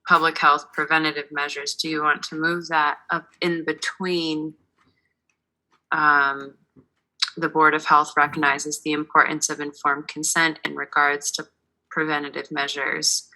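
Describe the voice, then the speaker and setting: A woman's voice: deep voice, little pitch movement, a little slow, pushed and bright, poor audio. A woman chairing a board meeting, leading the discussion and putting questions to the group.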